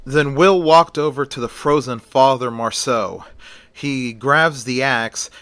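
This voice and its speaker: A man narrating a horror story in a slow, plain retelling manner. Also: mid-range voice, fairly bright tone, clean tone, no room sound.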